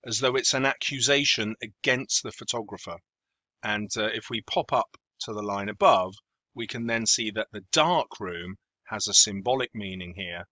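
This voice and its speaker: A man's voice: medium pitch, bright, forceful tone, dry recording, rough recording. A man with a British accent, teaching poetry analysis for exam revision, talking it through thoughtfully with frequent ums and self-corrections. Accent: British English. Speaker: English teacher.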